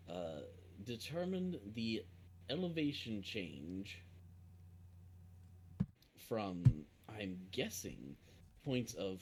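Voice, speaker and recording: Man player, low voice with lively swings, hesitant, faint background noise. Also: very slow, long pauses. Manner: hesitant, trailing off, thinking aloud. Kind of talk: casual tabletop play.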